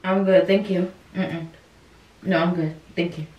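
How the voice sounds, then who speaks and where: A woman's voice: fairly low pitch, steady tone, measured pace, dull audio. A woman talking casually with her partner, blunt and reluctant, swearing now and then. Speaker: vlogger's partner. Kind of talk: casual conversation. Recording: echoey room, voice from a distance.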